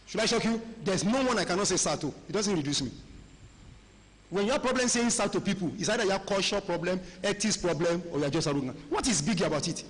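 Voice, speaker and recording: A man's voice: high-pitched, lively intonation, fast talker. A middle-aged man with a Nigerian accent, preaching a sermon in a conversational way and slipping in pidgin and Yoruba phrases. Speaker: pastor. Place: large church hall. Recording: long church-hall reverb.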